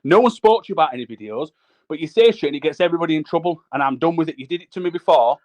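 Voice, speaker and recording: A man's voice: on the high side, animated, rapid-fire. A man on a livestream panel, blunt and sweary, repeating himself insistently. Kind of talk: heated livestream panel chat.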